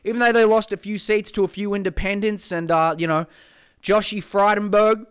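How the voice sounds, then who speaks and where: A young Australian man hosting a casual solo podcast, swearing a lot and sarcastic, swinging between loud mock-excitement and low mutters. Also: normal speed, smooth. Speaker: podcast host.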